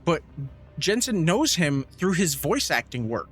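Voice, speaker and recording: A man on a podcast tells a story in casual chat, his voice bright and forward. He swears freely and acts out what other people said. Faint music plays underneath. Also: a little high, sing-song, measured pace. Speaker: podcast co-host.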